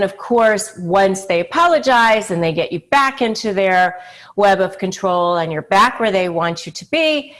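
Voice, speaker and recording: A woman hosting a talk video, explaining her topic in a conversational, emphatic way with frequent fillers and short acted-out quotes. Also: mid-range voice. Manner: acts out quoted pleading lines. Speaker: channel host. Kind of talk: direct-to-camera advice talk.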